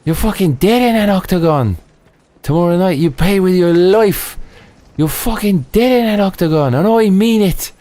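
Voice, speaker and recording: A man's voice: sits high, animated, moderate pace, dark tone, no room sound, pitched above the performer's own voice. A man doing an impression of a fierce, trash-talking fighter, making intense, emotional threats. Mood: menacing.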